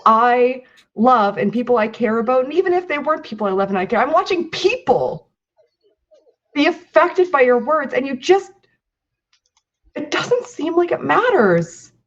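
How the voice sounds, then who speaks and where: A woman's voice: sits high, animated, normal speed. A hurt woman speaking near tears, pleading with someone she once promoted on her podcast. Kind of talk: emotional personal address. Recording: dull lo-fi clip audio.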